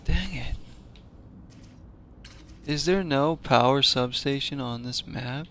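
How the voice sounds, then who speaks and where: A man's voice: mid-range voice, takes it slowly, bright, forceful tone. A man in a casual let's-play chats with his viewers while he plays, joking and laughing often. His voice sits in an ordinary middle register. Faint noise runs behind him. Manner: chatty, joking, laughs often, talks to chat. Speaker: gaming channel host.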